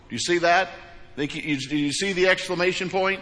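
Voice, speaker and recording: Preacher guy, folksy and emphatic, fairly high voice, echoing sanctuary. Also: expressive, moderate pace, bright, forceful tone. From Missouri, USA. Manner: folksy storytelling, emphatic repeated phrases. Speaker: pastor. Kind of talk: sermon with a joke. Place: church sanctuary. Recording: large hall with long reverb.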